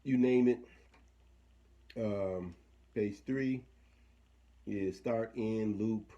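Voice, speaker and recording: A man's voice: lowish voice, very slow, dark tone, highs cut off. A man talking casually through a hands-on equipment demo, thinking aloud and trailing off mid-sentence. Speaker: equipment demonstrator.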